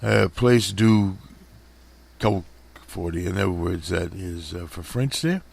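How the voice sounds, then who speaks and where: A male radio host with a very low, gravelly voice and an unhurried delivery. He stumbles through news headlines with constant fillers and restarts, sounding a little strained. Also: darkish tone, slight background noise. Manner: halting, many fillers and restarts. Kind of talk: casual commentary over headlines.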